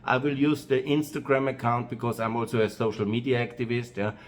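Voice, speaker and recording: A man with an Austrian accent, speaking in a loose, rambling monologue for his own video channel, pausing often on "uh" and repeating himself. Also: medium pitch, level tone, a little hiss or hum. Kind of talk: monologue to camera.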